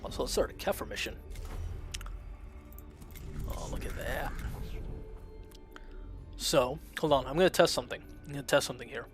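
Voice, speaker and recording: Music plays in the background as a man chats casually on a game stream, his mid-range voice at a moderate pace broken by long pauses. Rambling and full of fillers, he reads messages from chat aloud. His family is Russian-speaking and immigrated to America.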